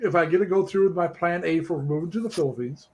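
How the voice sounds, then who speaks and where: Middle-aged American man, slightly higher voice, hosts a casual live chat and rambles through fillers. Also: over a noisy crowd, poor audio. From United States. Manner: rambling, halting with many fillers. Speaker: livestream host.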